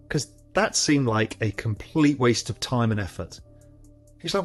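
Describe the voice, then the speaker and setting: A man, a former trader, telling an animated story about a deal and acting out phone calls with his colleagues. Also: fairly high pitch, normal speed, husky, faint music behind. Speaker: interview guest, former trader. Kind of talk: storytelling anecdote.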